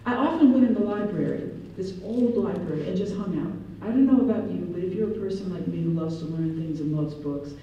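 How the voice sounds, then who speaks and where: A middle-aged woman from Ohio and Michigan, telling personal stories in an animated lecture and acting out the people she quotes. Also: lowish voice, a little fast, hardly any pauses. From Ohio and Michigan, USA. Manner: animated, acts out quoted voices, slips into French. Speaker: professor giving a talk. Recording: echoey hall, distant mic, dull sound.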